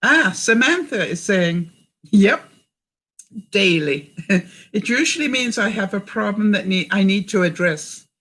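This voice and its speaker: A woman's voice: mid-range voice, expressive, unhurried, a bit bright. An older woman from Canada chatting in a livestream, reading viewer comments and coaching her audience with questions. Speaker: vlogger.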